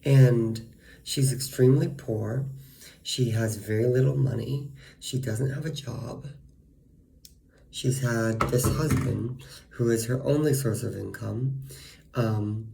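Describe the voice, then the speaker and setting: A man's voice: mid-range voice, steady tone, takes it slowly, gravelly, dark tone, a little hiss or hum. A man venting in a casual monologue, profane and ranting, full of fillers. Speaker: vlogger.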